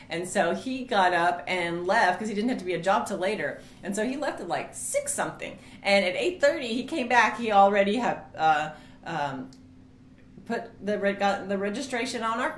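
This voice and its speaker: A middle-aged woman, chatting casually as co-host of a marriage ministry video and telling stories with lively quoted voices. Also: mid-range voice. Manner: chatty storyteller, animated quoting voices. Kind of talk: casual chat. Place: home studio room. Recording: roomy echo, faint hiss.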